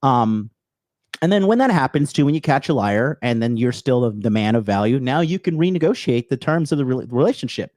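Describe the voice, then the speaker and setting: In a clean, echo-free studio recording, a man with an animated, medium-pitched, slightly mellow voice talks a little fast. He's ranting unscripted on a livestream, giving blunt dating advice loaded with swearing, calling viewers bros and reading out and answering their chat messages.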